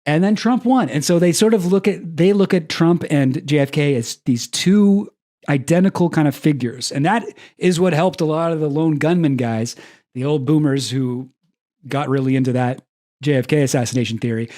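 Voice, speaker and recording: A man's voice: fairly high pitch, normal speed, dark tone. A young man doing casual, sarcastic commentary on a stream, rambling and laughing at his own jokes.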